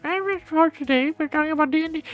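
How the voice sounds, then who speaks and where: A man putting on a very high, squeaky voice as a sped-up, chipmunk-like male host. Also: fast, narrow, tinny audio, soft background music.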